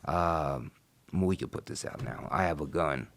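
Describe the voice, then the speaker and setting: A man's voice: extremely low pitch, unhurried, vocal fry, fairly bright tone. A middle-aged man telling a story in a casual interview, blunt and profane, rambling with many asides. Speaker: interview guest.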